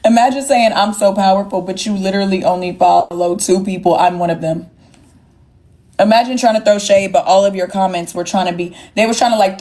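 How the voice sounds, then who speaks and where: A woman's voice: mid-range voice, a little mellow. Sassy, profane young woman streaming live. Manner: blunt, profane, sassy, talks straight to chat. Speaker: livestream host. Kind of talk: casual livestream rant to viewers.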